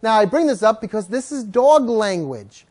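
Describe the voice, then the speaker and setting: A woman's voice: on the high side, expressive, normal speed, darkish tone. A woman dog trainer teaching a live class, telling stories, acting out dogs and owners, and coaxing the group to repeat words after her.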